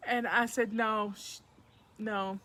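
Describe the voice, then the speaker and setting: A Southern woman talks easily to her viewers from home, folksy and chatty. Her voice sits a little high and sounds bright and lively. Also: measured pace. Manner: folksy, chatty, says y'all to her audience. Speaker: livestream host. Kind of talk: casual chat to viewers.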